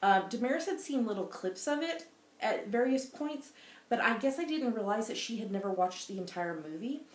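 A woman's voice: fairly high pitch, expressive, normal speed. Giggly woman chatting in echoey room. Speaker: podcast co-host, mother. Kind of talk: casual chat. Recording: roomy echo.

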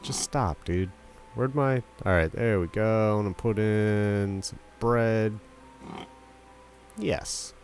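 Faint music plays behind this young man's lowish, slow, slightly mellow voice as he provides relaxed let's play commentary. He chats with game characters and lets out yelps and goofy sound effects.

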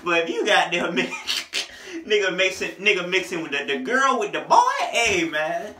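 A young man runs through an album review in a casual, joking voice full of slang. His tone is bright and a touch high. The sound bounces around an echoey room. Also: normal speed, a little hiss or hum. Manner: loose, joking, slangy, sings snippets of songs. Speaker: music reviewer.

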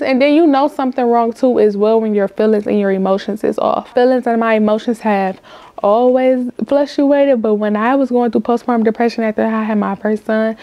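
A woman's voice: a little high, vocal fry, darkish tone, dry recording, muffled recording. A young woman hosting a candid vlog, speaking frankly and repeating herself as she talks straight to her viewers. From Cleveland, US. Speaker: host. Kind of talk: casual candid monologue.

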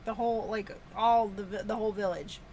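A woman's voice: medium pitch, fairly even intonation, brisk, a little mellow, highs cut off, slight background noise. A woman co-hosting a casual chat about an old film, recapping the plot with many ums and frequent laughs. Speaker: podcast co-host.

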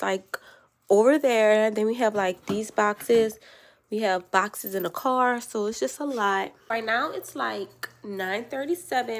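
A young woman of about nineteen, chatting casually and upbeat to camera in a vlog, loose with fillers. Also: a little high. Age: young adult, about 19. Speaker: vlogger. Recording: noisy phone recording.

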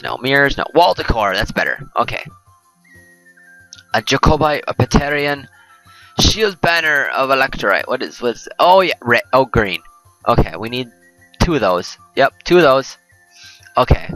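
Lively, bright-voiced gamer man. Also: medium pitch, low-quality recording. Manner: rambling, self-correcting, jokey. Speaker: let's play host. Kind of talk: casual gameplay commentary.

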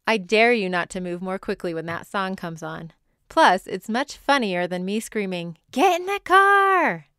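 Woman in her thirties, podcast host, smooth clear tone, close dry mic, scripted storytelling with asides. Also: on the low side, dry recording. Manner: reads stories from other mothers with personal asides. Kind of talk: scripted narration.

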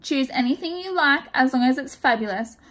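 A woman's voice: high voice, lively intonation, fairly quick, fairly bright tone. A woman voicing a small grey female bird, eager and a little vain.

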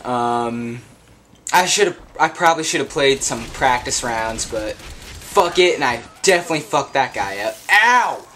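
A man's voice: mid-range voice, expressive, measured pace, pushed and bright, a little hiss or hum. A young man giving casual let's play commentary, confused, swearing a lot, laughing and yelping whenever he gets hit. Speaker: gameplay commentator.

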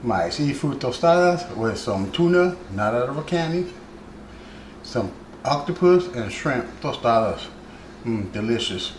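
A man hosting a casual cooking vlog, relaxed and chatty, talking while he plates and eats his food. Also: medium pitch, measured pace, echoey room, slight background noise. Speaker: cooking channel host.

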